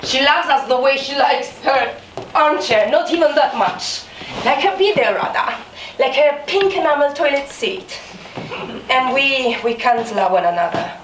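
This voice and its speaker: An actress on stage playing a bitter, resentful maid who talks with sarcasm and sudden outbursts. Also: female voice, high voice, lively intonation, unhurried. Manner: sarcastic, mocking, swings into outbursts. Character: bitter, resentful young maid, scornful and fierce. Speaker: stage actor. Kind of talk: live stage drama. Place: small theatre stage. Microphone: distant room mic. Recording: echoey theatre from far off, faint noise.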